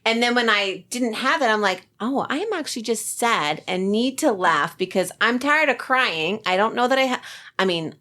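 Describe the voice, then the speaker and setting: A woman's voice: a little high, expressive, moderate pace, bright, forceful tone. Chatty sarcastic woman podcast co-host. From New Jersey. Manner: chatty, self-mocking, sarcastic. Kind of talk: casual podcast chat.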